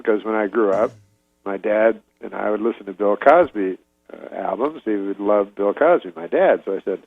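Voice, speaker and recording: A man doing an impression of a comedian telling a rambling, deadpan story, full of fillers and restarts, on dull lo-fi audio. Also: medium pitch, dry recording, natural voice.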